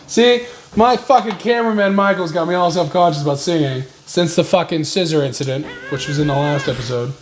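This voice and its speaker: A man's voice: fairly high pitch, expressive, a little fast, a little hiss or hum. A man in his twenties hosting a casual cooking tutorial in his home kitchen, joking, swearing and poking fun at himself as he goes. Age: 20s. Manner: joking, profane, self-mocking. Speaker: cooking vlog host.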